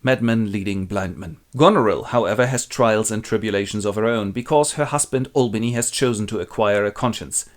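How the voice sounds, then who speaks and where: A man hosting and narrating a comic retelling of a classic play, with wry, deadpan asides. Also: on the low side, fairly quick, few pauses. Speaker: host and narrator.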